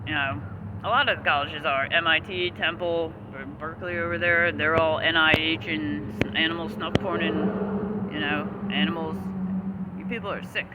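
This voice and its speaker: A man's voice: fairly high pitch, steady tone, moderate pace, muffled recording. A man delivering an agitated, profane, rambling rant as a vlogger. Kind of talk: angry ranting monologue. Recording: street noise outdoors.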